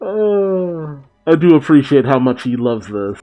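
A man giving casual live reaction commentary to a TV episode, exclaiming, sighing and thinking out loud. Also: fairly high pitch. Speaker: reaction video host.

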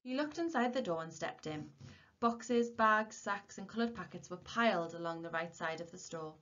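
A woman teacher reading a novel aloud to her class in a steady, expressive way. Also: medium pitch, normal speed. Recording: dull lo-fi recording.

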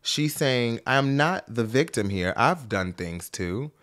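Animated, chatty young man reacting to music. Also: mid-range voice, takes it slowly. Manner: chatty and emotional, swings from reflective to excited squeals. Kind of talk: album reaction commentary. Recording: faint music playing behind.

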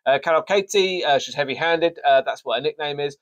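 A man's voice: a little high, fairly quick, a bit bright, dry recording. A man hosting a sports show, casually previewing a fight card with jokey, rambling, self-mocking asides. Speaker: sports podcast host.

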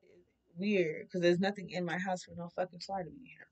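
A woman's voice: on the low side, normal speed, husky. Blunt profane woman reading tarot. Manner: blunt, profane, animated talk. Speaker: tarot reader. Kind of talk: casual tarot reading monologue.

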